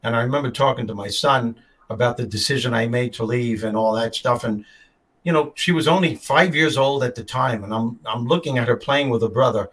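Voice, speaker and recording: A man's voice: medium pitch, a little fast, fairly bright tone, poor audio. An older man hosting a show, telling stories in an emphatic, heartfelt way. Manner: storytelling, emphatic. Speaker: host. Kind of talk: casual chat.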